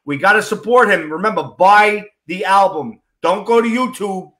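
A man's voice: sits high, moderate pace, a bit bright, echoey room. A man with a New York accent from Queens, hosting a casual rock interview, joking and repeating catchphrases. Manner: joking, keeps saying "forget about it". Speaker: host.

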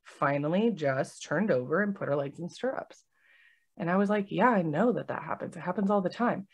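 A woman's voice: on the low side, brisk. A woman who is a nurse and podcast host, chatting casually and acting out the conversations she retells. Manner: animated storytelling, acting out quoted conversations.

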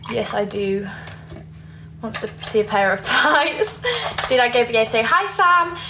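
A woman's voice: a little high, animated, measured pace, noisy background. A young woman with a Yorkshire accent, chatting casually on a livestream, reading viewer comments and giggling often. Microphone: phone.

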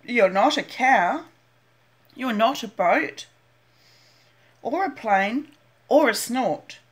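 A woman's voice: fairly high pitch, animated, slow. An older woman putting on a lost little baby bird. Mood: relieved. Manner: plaintive, pleading, cries out.

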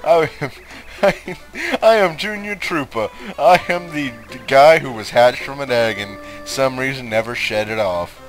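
A man's voice: mid-range voice, measured pace, faint music behind, lightly acted. A man voicing a boastful young male turtle bully in a game let's play, in a swaggering, foul-mouthed taunting voice. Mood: cocky, taunting. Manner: swaggering, crude trash talk.

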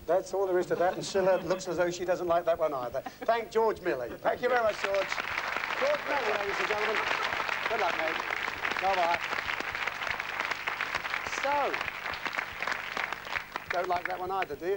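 A man's voice: high-pitched, moderate pace, long pauses, a loud crowd, very noisy. A man hosting a television game show, chatty and teasing, laughing often with the contestants. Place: television studio with audience. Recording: 1980s TV broadcast with studio audience. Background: studio audience.

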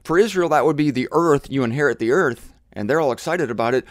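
A man's voice: on the high side, lively intonation, fairly quick, hardly any pauses, dry recording, studio quality. A man hosting his own show, teaching the Bible in an emphatic, conversational way with irreverent asides. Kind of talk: animated solo Bible teaching.

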